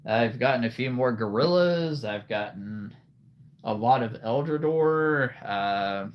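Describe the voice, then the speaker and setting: A man's voice: mid-range voice, expressive, slow pace, dull audio. A man from Nebraska, a livestream host chatting casually with viewers, laughing often. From Nebraska, USA. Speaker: livestream host showing a creature collection.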